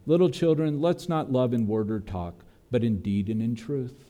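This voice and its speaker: A man's voice: medium pitch, moderate pace, warm tone. A man preaching a sermon as pastor, earnest and building to emphatic peaks.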